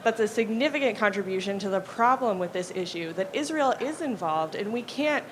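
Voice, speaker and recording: A woman's voice: medium pitch, expressive, fairly quick. A young woman in an audience asks a lecturer an earnest question, hesitating with fillers. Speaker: audience member asking a question.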